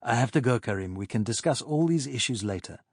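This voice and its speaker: A man voicing a steady policeman who speaks in a measured, slightly pompous way. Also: medium pitch, no echo, clean studio sound. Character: calm steady country policeman.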